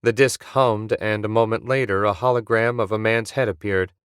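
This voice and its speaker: A man narrating a science-fiction audiobook in a steady storytelling manner on a close mic. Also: on the low side, normal speed, smooth, dry recording.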